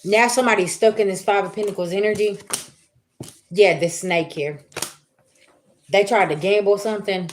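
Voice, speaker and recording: A woman's voice: mid-range voice, normal speed, long pauses, a little hiss or hum. A woman in her thirties, reading tarot on a livestream and telling casual stories with a lot of cussing and laughter, speaking straight to her chat.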